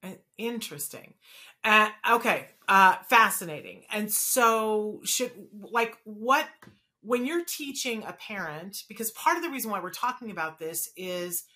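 A woman's voice: mid-range voice, animated, unhurried, bright, forceful tone. A woman hosting an interview, a parent herself, asking questions and sharing personal experience in an earnest, conversational way. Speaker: host and parent. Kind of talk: podcast interview.

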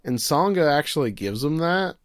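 A young man with a fairly high, sing-song voice co-hosts a podcast, casually recapping an anime episode in clean, studio-quality sound with no room echo. He jokes around and performs the characters' lines in quick voices as he chats.

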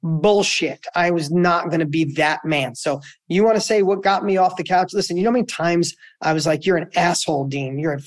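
A man's voice: brisk, few pauses, dry recording. A man being interviewed as an entrepreneur guest, talking emphatically in a motivational, storytelling way. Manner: emphatic, storytelling, animated pitch swings.

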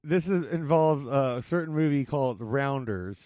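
A man's voice: medium pitch, lively intonation, normal speed, warm tone, dry recording, studio quality. A man hosting a casual podcast, talking loosely with plenty of fillers and laughs. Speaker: podcast host.

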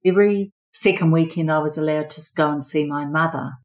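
Low-voiced older New woman. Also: low-quality recording. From New Zealand. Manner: measured, earnest recounting. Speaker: former therapist sharing her story. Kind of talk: personal testimony.

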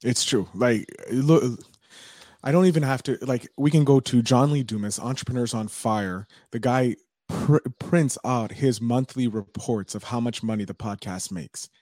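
A man's voice: medium pitch, moderate pace, darkish tone, no room sound, studio quality. Enthusiastic male podcast host. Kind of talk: casual conversation.

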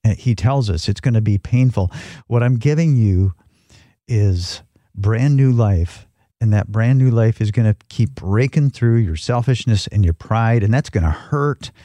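A man's voice: fairly low pitch, expressive, unhurried, mellow, no echo. A male host speaking earnestly in a reflective devotional talk and prayer.

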